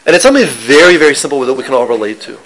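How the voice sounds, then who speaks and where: A man's voice: mid-range voice, lively intonation, very fast, fairly bright tone, rough recording. A man giving an informal Torah lesson, talking conversationally with restarts and joking with listeners. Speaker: teacher giving a Torah class.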